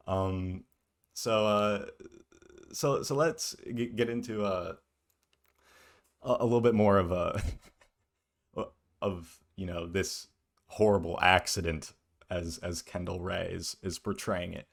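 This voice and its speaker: A man with a very low, deep voice talks through a video he is reacting to. He is blunt and scornful and throws in sarcastic jabs. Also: steady tone, slow pace, gravelly, pauses often. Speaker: commentary youtuber.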